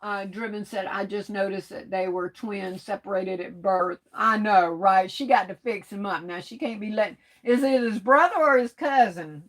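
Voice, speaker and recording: A woman's voice: mid-range voice, moderate pace, few pauses. A woman hosting a craft livestream, reading viewer comments aloud in a teasing, folksy way and laughing often.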